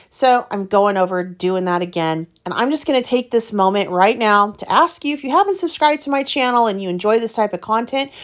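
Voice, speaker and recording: Chatty, candidly frustrated craft host woman. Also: on the high side. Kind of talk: casual chat narrating her art process.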